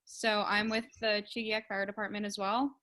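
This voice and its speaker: Shy woman, bright flat voice. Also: mid-range voice, moderate pace. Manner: shy, hesitant. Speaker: firefighter student. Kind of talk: self-introduction in an online class. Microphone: video call.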